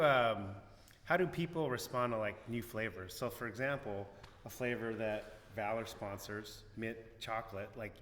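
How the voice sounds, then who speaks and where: A man's voice: on the low side, fairly bright tone. A man co-hosting a podcast interview, asking long, rambling questions in several parts. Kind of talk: casual interview. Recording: roomy echo, long reverb, faint ambient noise.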